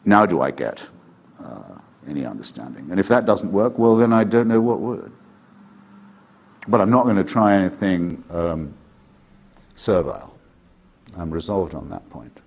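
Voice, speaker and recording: A man answering questions in a sardonic, deliberate way with precise wording. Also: deep voice, expressive, creaky, darkish tone.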